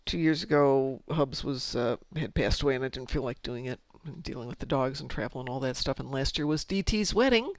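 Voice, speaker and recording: A woman's voice: a bass voice, brisk, few pauses, no room sound. A middle-aged woman streaming a game, chatting casually and talking to herself as she plays. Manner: chatty, rambling, self-talk while playing. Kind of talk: casual chat while gaming.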